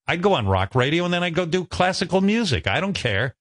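A man in his sixties from the New York area, a radio host telling stories in an animated, self-mocking, profane way. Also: fairly high pitch, a little fast, hardly any pauses, no room sound, clean studio sound. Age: 60s. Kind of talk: casual chat.

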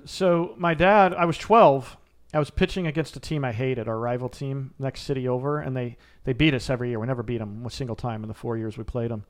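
The interview guest is a man who went from Navy SEAL to mental coach, and he answers earnestly and emphatically like a coach. He has a medium-pitched, steady voice and speaks fairly quickly.

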